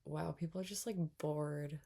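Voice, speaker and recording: A young woman giving casual let's-play commentary, reacting out loud, muttering to herself and swearing a lot. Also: low-pitched, moderate pace, creaky. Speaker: gaming streamer.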